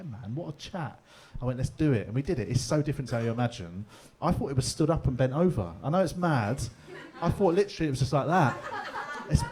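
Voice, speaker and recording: In a pub comedy room before a live crowd, a middle-aged Englishman with a London accent delivers laddish, chatty stand-up in a warm, mid-range voice. He swears freely and laughs at his own story as he tells it.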